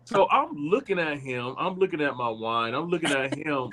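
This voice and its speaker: A man, an actor guest on a podcast, telling funny stories with animated delivery and frequent laughter. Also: fairly high pitch, normal speed, hardly any pauses, background noise. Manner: animated storyteller, laughs often. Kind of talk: casual podcast interview.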